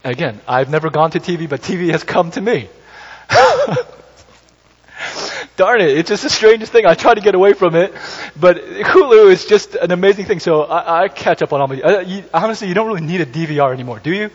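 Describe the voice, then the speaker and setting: A man's voice: high-pitched, animated, fast talker, few pauses, husky. A man preaching a conversational sermon, with joking asides and frequent self-corrections. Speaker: pastor. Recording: slightly dull recording with faint hiss.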